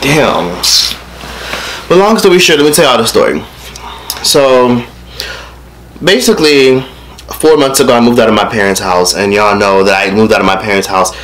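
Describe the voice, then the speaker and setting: A man in his late teens telling a story over a casual mukbang meal at home. He rants in a profane, animated way and eats between sentences. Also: medium pitch, moderate pace, pauses often, slight background noise. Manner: eating while talking. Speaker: vlogger. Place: his rented room at home.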